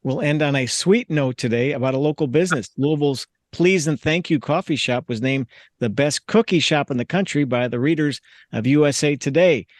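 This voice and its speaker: A man hosting a local panel talk show, brisk and upbeat as he keeps the discussion on time. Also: fairly high pitch, dry recording, studio quality. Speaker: host.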